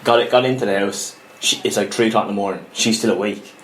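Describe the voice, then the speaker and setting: A young Irish man co-hosting a podcast, telling a story in an animated, laughing way and swearing often. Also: lowish voice, quick pace, a little hiss or hum. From Ireland. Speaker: podcast co-host. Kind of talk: casual chat, storytelling. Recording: echoey room.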